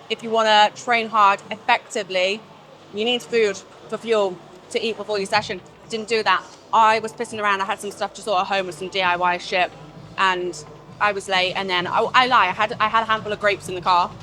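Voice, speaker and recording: A woman's voice: mid-range voice, steady tone, brisk, bright, forceful tone, slight background noise. A young woman with an English accent talking casually to camera in a gym, rambling and swearing freely. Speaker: fitness vlogger. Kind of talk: casual vlog chat to camera.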